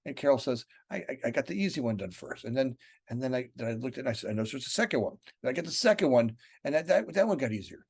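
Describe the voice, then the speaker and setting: A man's voice: mid-range voice, racing, darkish tone, breathy edge. Rambling man talking business. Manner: rambling, repeats words, tags sentences with "right?". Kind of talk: casual business chat.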